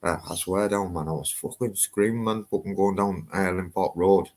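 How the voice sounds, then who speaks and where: A brash man with a Teesside accent chats live from his loft. He swears freely and talks in a low voice with plenty of swagger. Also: moderate pace. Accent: Teesside English. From Northeast England. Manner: swears a lot, brash and animated. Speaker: livestream host. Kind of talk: casual live-stream chat. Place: house loft.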